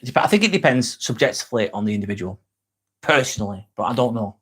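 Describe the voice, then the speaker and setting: A man's voice: fairly low pitch, expressive, fast, fairly bright tone, husky. A man hosting a casual live stream, reading viewers' comments aloud and answering them with frequent swearing. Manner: chatty, swears freely, answers viewers by name.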